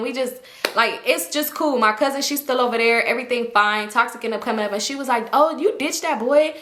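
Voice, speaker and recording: A young woman spins a casual story for her followers, slipping into everyone's voices as she goes. Her voice sits a little high and sounds bright and sharp. The room around her is noticeably echoey. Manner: animated, acts out quotes. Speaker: storytime vlogger.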